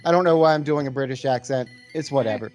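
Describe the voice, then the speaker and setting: A man's voice: mid-range voice, quick pace, a little mellow, faint music behind. A man co-hosting a podcast, casually recapping movie scenes with swearing and stumbles over words. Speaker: podcast co-host. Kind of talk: casual movie-review chat.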